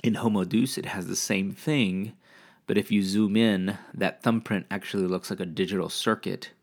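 Guy with a really low voice rambling on his podcast, laid back, swears a lot. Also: fairly even intonation, normal speed. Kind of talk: casual monologue.

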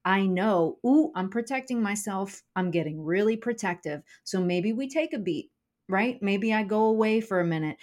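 A young adult woman, a comedian and speaker, talking candidly in a podcast interview and swearing casually. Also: lowish voice. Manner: candid, swears casually, acts out inner voices. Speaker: guest, comedian and keynote speaker.

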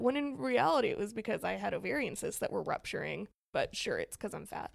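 Podcast co-host, young woman, heavy vocal fry, lively storyteller who laughs a lot. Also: fairly high pitch, a little fast, hardly any pauses. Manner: animated storytelling, laughs often. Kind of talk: casual chat.

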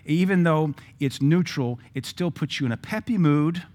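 A man's voice: fairly high pitch, moderate pace, a little mellow. A middle-aged man, preaching a sermon as pastor, telling stories with acted-out quotes and blunt asides.

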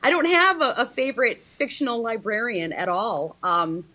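A woman's voice: a little high, big pitch swings, normal speed, bright, forceful tone. A woman in her thirties, a librarian guest speaking over a video call, with many ums and restarts. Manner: hesitant, frequent ums and restarts.

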